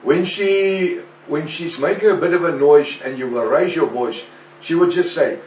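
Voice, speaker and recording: Man, preacher, slightly high voice, echoey room, faint background ambience. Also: darkish tone, far from the mic, a little hiss or hum. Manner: slow and deliberate, with rhetorical questions. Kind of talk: sermon-style teaching monologue.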